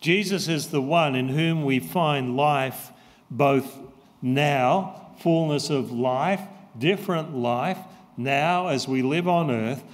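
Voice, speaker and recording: Male pastor, slow deliberate sermon, long church echo. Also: fairly high pitch. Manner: slow, emphatic, repeats key phrases.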